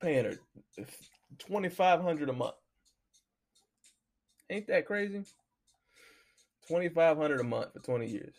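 Gravelly man ranting casually. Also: a little high, unhurried, pauses often. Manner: loose, animated storytelling, heavy cursing. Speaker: podcast host. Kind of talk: casual profane commentary.

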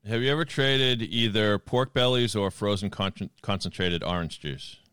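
A man's voice: on the low side, moderate pace, a bit bright, smooth, dry recording. A man with a Boston accent hosting a podcast in a studio, chatting casually and joking with his guests. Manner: jokey, playful banter. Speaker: podcast host. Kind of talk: casual chat.

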